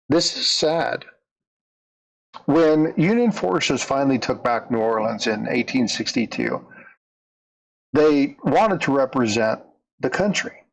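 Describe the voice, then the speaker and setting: A man's voice: mid-range voice, low-quality recording. A man narrating a story in a conversational way, leaning into the dramatic moments. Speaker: storyteller, coin channel host.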